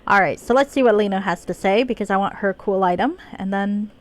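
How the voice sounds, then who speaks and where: A woman's voice: mid-range voice, brisk. A woman live-streaming a video game, chatting casually, laughing often and reading the game's dialogue aloud in her own voice.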